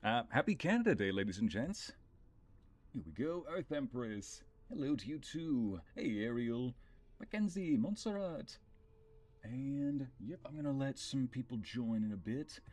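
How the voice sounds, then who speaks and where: A man's voice: mid-range voice, lively intonation, moderate pace. A young adult man casually commenting on a game he is playing, chatting with viewers and thinking aloud. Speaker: streamer. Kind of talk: casual let's-play commentary.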